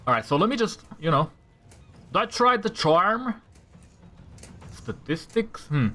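Lively, profane gamer guy. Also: sits high, measured pace. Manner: profane, trash-talking enemies; talks to himself, reacting to rolls. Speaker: gamer playing a tactical role-playing game. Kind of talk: casual gameplay commentary.

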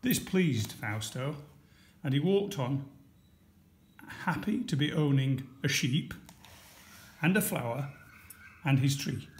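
A man reading a picture book aloud, telling the story slowly and deliberately. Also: medium pitch, animated, a little hiss or hum.

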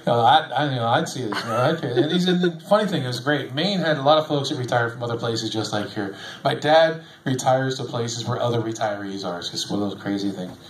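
A man's voice: mid-range voice, fairly quick. A middle-aged man, a bus driver, telling rambling stories to a group in a casual, chuckling, self-deprecating way. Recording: echoey room, faint background ambience.

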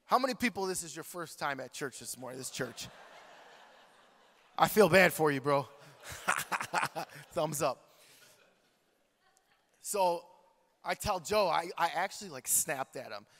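A preacher man tells a story from the pulpit in a lively, joking way, calling out to his congregation. His voice is bright and forward. It rings out with the long reverb of a large church hall. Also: fairly high pitch, unhurried, pauses often. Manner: animated, joking, talks to the congregation. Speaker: pastor. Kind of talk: storytelling sermon.

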